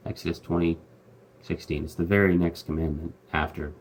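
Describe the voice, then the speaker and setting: Deep-voiced man with a chatty slangy delivery. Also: steady tone, a little fast, a little hiss or hum. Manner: chatty, slangy, frequent fillers and restarts. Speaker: host. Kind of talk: casual Bible commentary.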